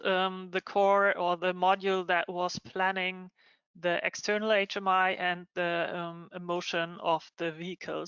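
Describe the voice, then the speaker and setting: A woman's voice: on the low side, fairly bright tone, clear, resonant tone, dry recording. A woman moderating a project webinar online, speaking with many hesitant ums. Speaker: session moderator. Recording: dull lo-fi online call.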